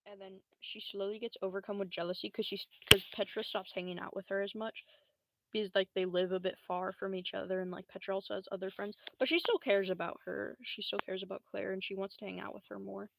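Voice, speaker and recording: A woman's voice: mid-range voice, fairly quick, creaky. A young woman livestreamer rambling through a story in a casual, slangy, profane way, with lots of fillers. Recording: loud steady hiss.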